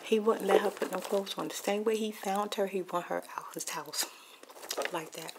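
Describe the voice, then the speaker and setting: In a very noisy recording, a woman with a medium-pitched voice tells a gossipy, rambling neighbor tale at a moderate pace. It's a close-mic ASMR storytime: she eats popcorn and alternates between whispering and speaking softly.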